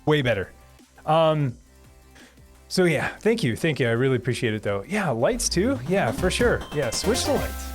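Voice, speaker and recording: A man's voice: on the high side, big pitch swings, normal speed, faint music behind. A man hosting a live stream from his home setup, chatting casually, reading viewer comments and thanking them with frequent laughs.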